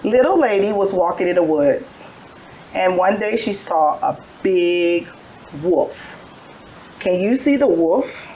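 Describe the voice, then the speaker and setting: A tired woman leads a preschool phonics lesson, speaking very slowly and patiently in a lowish voice. She tells little letter stories and models each sound for children to repeat. A faint hiss sits under the recording. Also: mellow, poor audio. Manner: slow, patient sing-song storytelling with letter sounds. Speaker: preschool teacher.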